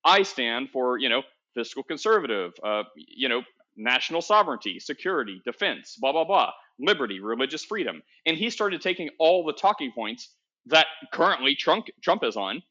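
Rambling, bright-voiced male podcast host. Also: medium pitch, sing-song, normal speed. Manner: rambling, self-correcting, laughs often. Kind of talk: casual chat. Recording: dull lo-fi sound.

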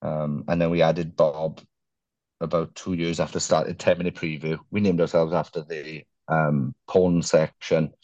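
A man from Wales sits in for a casual podcast chat and rambles through anecdotes, swearing freely and acting out what people said. His voice sits at an ordinary pitch. The recording is dry and a little dull. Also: level tone, normal speed, a little mellow, dry recording. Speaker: guest, band singer.

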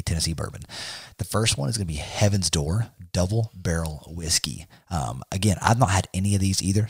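A man's voice: low-pitched, slightly rough, no echo, studio quality. A man hosting a casual podcast, drawling and saying y'all. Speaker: podcast host.

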